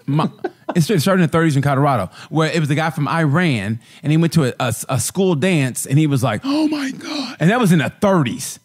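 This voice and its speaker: A man's voice: fairly high pitch, a little fast. Rambling, stammering male podcast co-host. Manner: rambling storyteller who acts out voices in quotes; restarts and stammers often. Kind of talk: casual comedic chat.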